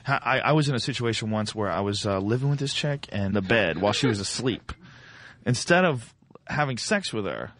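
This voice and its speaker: Comedian guest, male: animated, crude joker, lively up-and-down delivery. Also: on the low side, brisk. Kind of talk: radio talk show banter.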